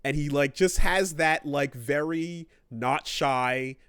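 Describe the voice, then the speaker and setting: Smooth-voiced man in rambling podcast chat. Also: a little high, slow pace, a bit bright, no echo, clean studio sound. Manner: rambling, profane, acts out characters' lines. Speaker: podcast co-host. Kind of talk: casual gaming podcast chat.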